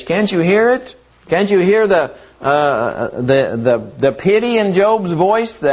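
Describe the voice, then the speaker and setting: A male preacher delivers a sermon at an unhurried, deliberate pace. He talks earnestly and leans on repeated phrases to drive each point home. His voice sits slightly high for a man. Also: sing-song.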